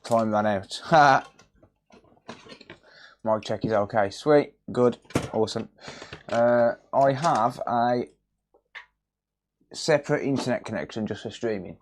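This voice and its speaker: A man talks at an unhurried pace while he runs a casual livestream from his cluttered home workshop. He is relaxed and jokey as he reads viewer names off the chat and greets each one. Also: mid-range voice, slight background noise. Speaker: electronics repair livestreamer.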